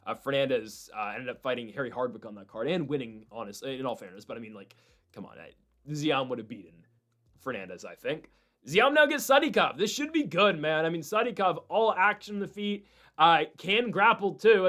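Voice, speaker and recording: A man hosting a show of fight predictions, rambling and opinionated in an animated way. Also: fairly high pitch. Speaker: host.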